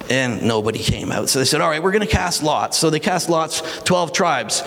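A male pastor delivers a lively sermon with big swings in pitch, breaking into shouted, acted-out quotes. His voice sits a little high for a man. The hall around him gives a long, trailing reverb. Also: normal speed, hardly any pauses. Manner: animated, acts out dramatic voices and shouts.

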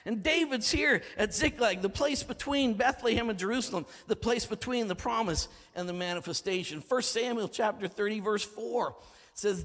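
A man preaching a sermon as pastor, dramatic, swinging from shouting to hushed tones. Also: high-pitched. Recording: reverberant hall.

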